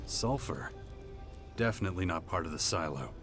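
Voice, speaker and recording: A low, steady male voice delivers short, clipped lines. He sounds calm and factual while he investigates. Game music plays behind him. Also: moderate pace. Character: terse male hero investigating an explosion. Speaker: game protagonist.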